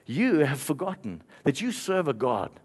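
A man's voice: fairly high pitch, very animated, moderate pace, slightly rough. A man preaching a sermon, telling a story with playful asides and light laughter. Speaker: pastor.

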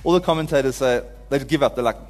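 A man's voice: mid-range voice, fast, darkish tone, big-room sound. A man giving an informal, earnest sermon to a congregation, at times rising to pleading cries. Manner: earnest, builds to pleading cries when quoting. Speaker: preacher.

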